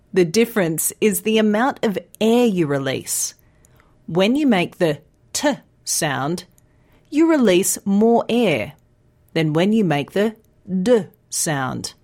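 Slow, clearly enunciating woman teacher. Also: fairly low pitch. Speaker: pronunciation teacher. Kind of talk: scripted podcast lesson.

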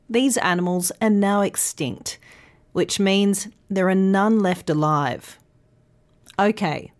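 A woman teaching English pronunciation in a scripted podcast lesson, articulating slowly and carefully. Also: medium pitch. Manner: slow, clear, careful articulation.

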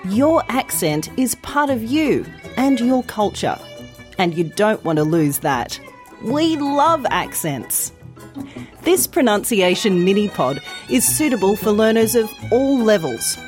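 A woman narrates a pronunciation lesson at an unhurried pace, each sound placed with care. Her pitch moves a lot, lifting and dipping to show sounds. Soft music plays behind her. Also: very animated. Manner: slow, clear, carefully articulated. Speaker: pronunciation teacher and news presenter. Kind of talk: scripted educational podcast narration.

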